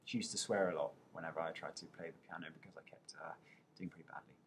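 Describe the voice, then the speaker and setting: A man's voice: sits low, fairly even intonation, fast talker, slight background noise. A young man with an English accent, casually answering viewers' questions over a webcam, chatty and poking fun at himself. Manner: chatty, self-mocking, playful.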